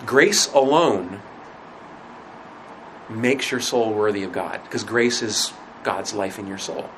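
A man teaching a religion class in a conversational lecture, asking rhetorical questions and often pausing with fillers. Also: on the low side, background noise.

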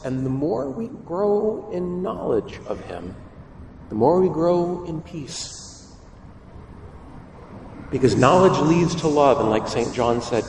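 A man preaching a sermon as a priest, lively and full of rhetorical questions. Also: mid-range voice, gravelly, a little hiss or hum. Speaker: Catholic priest. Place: church. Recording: echoey church heard from far off.

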